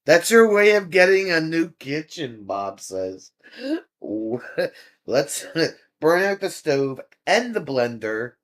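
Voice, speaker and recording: This man's voice sits a little high and is a bit bright, with big pitch swings and a slow pace. Hosting a laid-back livestream, he reads viewers' comments aloud and chuckles often as he chats.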